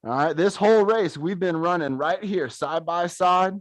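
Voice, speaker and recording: A man coaching viewers through a gentle follow-along workout while narrating footage of a race, upbeat and encouraging. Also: sits high, normal speed, no echo. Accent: American. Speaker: fitness coach.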